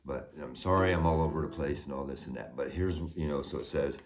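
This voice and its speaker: Very deep-voiced rambling American man. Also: quick pace. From United States. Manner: rambling, profane, swings from subdued to heated. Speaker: homeowner vlogger. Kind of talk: rambling personal vlog.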